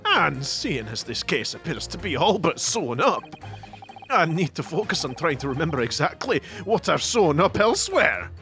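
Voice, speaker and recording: A bumbling Scottish surgeon frets and stammers his way through an embarrassing confession, voiced by a man in a game playthrough. The voice is bright and rises and falls a lot. He sounds hesitant and sheepish. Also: on the high side, very animated, moderate pace, faint music behind, full character voice. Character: bumbling male surgeon juror, anxious, sheepish.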